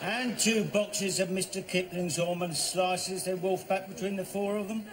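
An actor playing a grumbling husband who mutters asides and shouts at the football on TV, in a sitcom. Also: male voice, high voice, steady tone, moderate pace, background noise, lightly acted. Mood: smug. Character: grumbling middle-aged husband, smug football fan. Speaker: neighbour watching football on TV. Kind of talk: sitcom acting.

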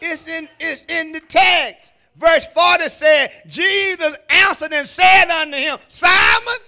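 A man preaching a sermon as pastor, shouting at the peaks and dropping into low asides to the congregation, calling on them to answer. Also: fairly even intonation, a little slow, vocal fry. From Kentucky, USA. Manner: call-and-response preaching, calls on the congregation. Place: church sanctuary.

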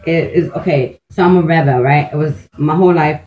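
Speaking a little fast in a low-pitched voice, a woman delivers a loose, rambling vlog monologue; the recording has its highs cut off. She curses freely, keeps saying "like," restarts constantly, and comes across as blunt, streetwise, intense and emphatic.

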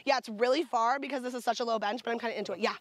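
A woman's voice: on the high side, steady tone, racing. A woman directing a photo shoot, bubbly and gushing with enthusiastic praise as she calls out poses. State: sucking on a throat lozenge.

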